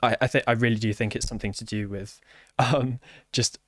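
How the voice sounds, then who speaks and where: A man who develops software, talking casually and haltingly with many fillers and restarts. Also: medium pitch, fairly even intonation, dry recording, clean studio sound. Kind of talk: casual conversation.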